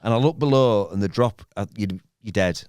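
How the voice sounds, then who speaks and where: A middle-aged man with a Hull accent, telling animated, rambling stories in a casual podcast chat. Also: fairly quick, a little hiss or hum. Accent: Hull, East Yorkshire. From Hull, England. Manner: animated, rambling storyteller with sudden pitch jumps. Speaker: podcast host.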